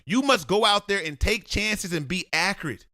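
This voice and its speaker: A man's voice: high voice, animated, normal speed, sharp tone, no room sound, clean studio sound. A man breaking down game film as a football analyst, blunt and lecturing, talking straight at the player he critiques.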